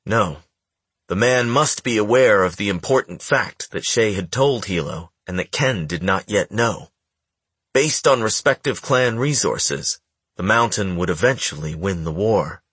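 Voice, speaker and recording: A man reading a novel aloud as an audiobook narrator in a measured, even way. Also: lowish voice, slightly rough, dry recording. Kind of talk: scripted narration.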